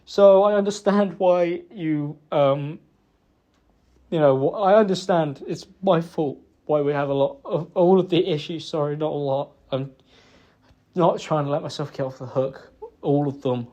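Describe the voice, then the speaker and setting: A young man with a fairly high pitch and dark tone apologises privately to his partner over dull audio. Halting and contrite, he stumbles on fillers and swears.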